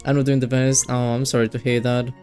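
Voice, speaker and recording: Mellow-voiced rambling male streamer. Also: mid-range voice, level tone, fairly quick, faint music behind. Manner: rambling, chatty, giggly. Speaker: VTuber streamer. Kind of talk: casual game stream chat.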